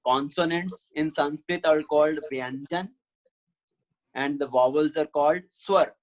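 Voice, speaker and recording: A man's voice: a little high, a little slow, rough recording. Patient male teacher explaining step by step. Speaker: Sanskrit teacher. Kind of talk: online class explanation.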